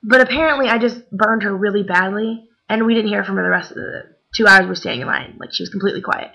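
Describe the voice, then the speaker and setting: A woman's voice: mid-range voice, fast talker, vocal fry, pushed and bright, lo-fi sound. A young woman casually telling a story to the camera, chatty, with many fillers, acting out what others said. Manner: chatty, many fillers, acts out quoted voices.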